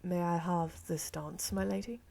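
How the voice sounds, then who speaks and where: A suave, well-mannered mansion host with a put-on accent, voiced by a woman playing through a game. The voice sits lower and slower, gently gravelly and polite. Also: steady tone. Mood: courtly. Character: suave adult male mansion host, courtly.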